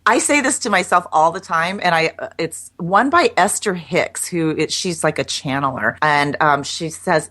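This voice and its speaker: Low-voiced chatty woman guest. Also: lively intonation, moderate pace, hardly any pauses, pushed and bright. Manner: chatty, self-deprecating, frequent restarts and laughs. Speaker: guest, copywriter. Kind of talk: casual interview chat.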